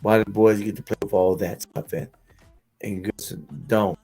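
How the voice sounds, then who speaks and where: A man hosting a casual talk, telling stories with lively acted-out quotes and laughing at his own jokes. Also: lowish voice, normal speed, faint music behind. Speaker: podcast host. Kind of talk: casual conversational commentary.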